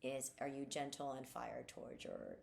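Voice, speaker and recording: A woman's voice: a bass voice, wildly swooping pitch, normal speed, vocal fry, darkish tone, a little hiss or hum. A woman co-hosting a podcast in casual chat, blunt and profane, with fired-up talk. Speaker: podcast co-host.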